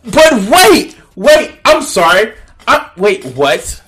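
Guy reacting to a clip, cussing a lot, disbelieving and mocking, pitch all over the place. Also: sing-song, slow, fairly bright tone, soft background music. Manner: profane, incredulous, laughing, mocking. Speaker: reaction video host. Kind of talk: casual reaction commentary.

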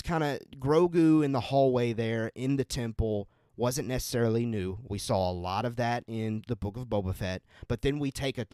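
A man co-hosting a podcast, chatting casually and telling his reactions with excitement. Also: medium pitch, no echo, studio quality. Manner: excited, animated storytelling. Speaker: podcast co-host. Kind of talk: casual chat.

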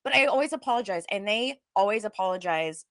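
A young adult woman chatting casually on a podcast, supportive and quick to laugh. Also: mid-range voice, lively intonation, fairly bright tone, no echo, studio quality. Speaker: podcast co-host. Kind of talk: casual chat.

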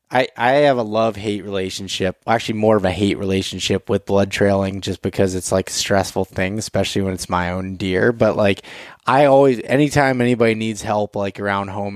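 A man, who seems to be the host, chatting in an easygoing way with halting restarts and fillers. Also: lowish voice, no room sound, studio quality. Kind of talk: casual chat.

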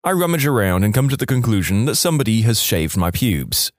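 Brief: male story reader, lively wry delivery, dry close-mic sound. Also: on the low side, fairly quick, dry recording. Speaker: narrator. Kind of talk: reading online stories aloud.

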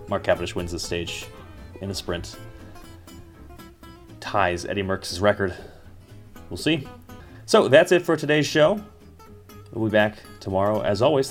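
Deep-voiced man analyzing a race. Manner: thoughtful, hedging, many restarts. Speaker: podcast host. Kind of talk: casual cycling race analysis. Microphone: remote call.

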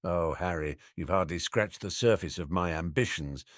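A man voicing a mischievous, scheming adult wizard who speaks with calm confidence in a storybook reading. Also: low voice, normal speed, dry recording, studio quality, natural voice. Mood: sly.

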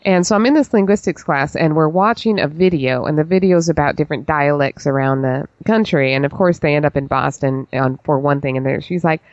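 A woman's voice: deep voice, brisk, few pauses, no room sound, muffled recording. A woman co-hosting a podcast over a video call, chatting casually in a rambling way with many fillers. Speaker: podcast co-host. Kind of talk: casual chat.

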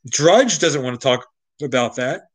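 Man, show host, casual rant, exasperated, lively up-and-down pitch, restarts often. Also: a little slow, low-quality recording. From Baltimore area, US. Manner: ranting, exasperated, frequent restarts. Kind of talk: casual opinion monologue.

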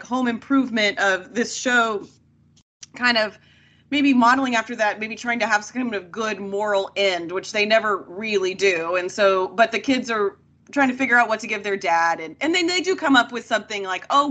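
As a podcast guest, a woman chats casually while recapping a TV episode, laughing often and sounding amused. Her mid-range voice is bright and forceful.

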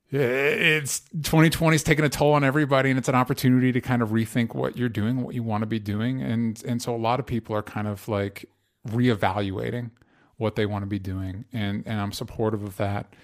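A young man hosting a podcast, talking in an earnest, halting way with many restarts and fillers. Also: medium pitch. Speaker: podcast host. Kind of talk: casual podcast chat.

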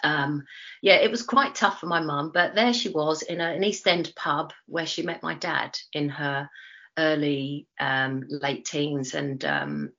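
Her deep voice is bright and forceful, with lively intonation and an unhurried delivery. She's a Cockney-accented woman in her forties from East London, a retired Olympic runner casually recounting her story as an interview guest amid many fillers and restarts, captured in dull lo-fi audio.

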